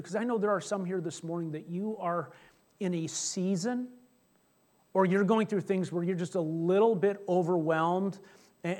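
A middle-aged man preaching a sermon as pastor, telling a personal story in a chatty, joking way. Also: high-pitched. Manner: chatty storytelling, jokes with congregation.

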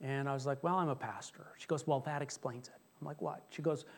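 A man's voice: mid-range voice, a little fast, creaky. A middle-aged man preaching a sermon as pastor, telling a personal story in a chatty, joking way. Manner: chatty storytelling, jokes with congregation.

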